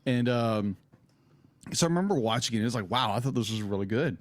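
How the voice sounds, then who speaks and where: A man in his thirties co-hosting a casual film review podcast, excitable and rambling as he tells stories. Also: mid-range voice, a little fast. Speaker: podcast co-host.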